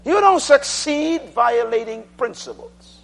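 A man preaching a sermon, drilling the congregation to repeat phrases and swinging between loud declarations and quiet asides. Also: extremely high pitch, lively intonation, slow, vocal fry.

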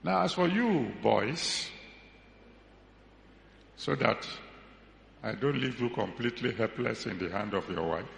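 A man preaching slowly in a bright, gravelly voice that swings widely in pitch. He stretches out words for humorous emphasis, and his sermon rings through a long, echoey hall with faint background ambience. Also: expressive, slight background noise. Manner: humorous, drawn-out emphatic delivery.

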